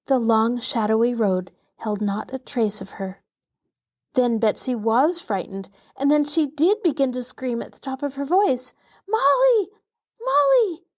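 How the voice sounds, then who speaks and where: A woman host reading a children's novel aloud in an expressive, dramatic way. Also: fairly high pitch, measured pace. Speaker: host and storyteller.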